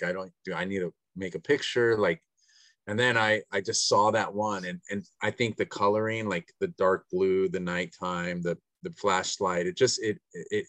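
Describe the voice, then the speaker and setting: Low, rambling man on a video call. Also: fairly bright tone, no room sound. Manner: rambling, self-searching, many restarts and laughs. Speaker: coaching client. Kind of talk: casual reflective conversation.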